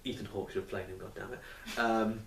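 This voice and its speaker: A man's voice: lowish voice, steady tone, fairly quick, gravelly, a bit bright. Man reviewing a film in loose chat, roomy sound, mic set back from him. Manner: rambling, swears casually, acts out quotes. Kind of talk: casual chat. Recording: echoey room, mic at a distance, faint noise.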